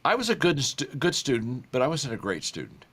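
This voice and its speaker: An older man, a guest author in an interview, speaking in a warm storytelling way with frequent repeated words. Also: mid-range voice, huge pitch swings, brisk, husky. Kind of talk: conversational interview.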